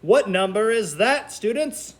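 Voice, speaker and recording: A man's voice: high voice, expressive, a little slow. A man teaching a kindergarten counting lesson to students at home, cheerful and patient, with sing-song counting. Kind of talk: remote lesson for young children.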